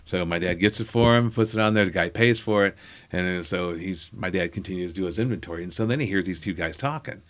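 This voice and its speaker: A man's voice: sits low, fast talker. A man who is a comedian guest, telling a rambling story in a casual way, with many asides and fillers.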